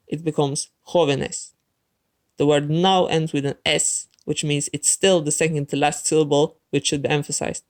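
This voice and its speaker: A man teaching a language lesson in a clear, methodical scripted narration, talking straight to the viewer. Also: fairly high pitch.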